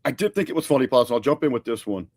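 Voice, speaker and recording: A male podcast co-host talks in a loose, conversational way, often restarting his sentences. His voice sits at an ordinary middle pitch. The sound is dry and close, with no room echo. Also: big pitch swings, very fast, darkish tone. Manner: conversational, many fillers and restarts. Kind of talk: casual podcast review chat.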